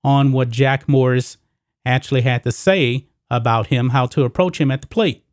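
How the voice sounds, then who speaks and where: This is a man with an ordinary mid-range voice hosting a sports opinion show. He talks emphatically and climbs in pitch when he hits a point. The sound is close and dry. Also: moderate pace, no room sound. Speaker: sports commentary host. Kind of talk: opinionated solo commentary.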